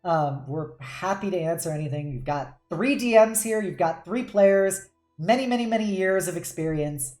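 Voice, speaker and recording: A woman's voice: on the low side, lively intonation, normal speed, a little mellow, reverberant, faint music behind. A woman hosting a casual roundtable as game master, chatty and laughing often.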